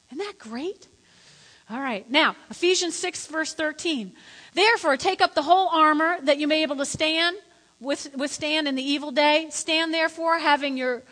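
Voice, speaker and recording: Bright high-voiced woman preaching a sermon. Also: long reverb tail. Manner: lively, questioning the congregation, swings from quiet to loud.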